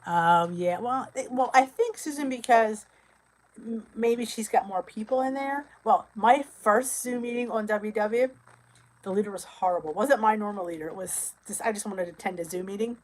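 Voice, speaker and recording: A middle-aged woman from New Jersey hosting a casual live-stream chat, chatty and quick to laugh as she answers viewer comments. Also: mid-range voice, poor audio. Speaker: weight loss channel host.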